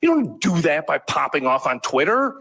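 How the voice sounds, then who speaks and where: A man's voice: fairly high pitch, sing-song, normal speed, gravelly, a bit bright, husky, rough recording. A man from Wisconsin giving an impassioned speech at an award event, earnest and emphatic.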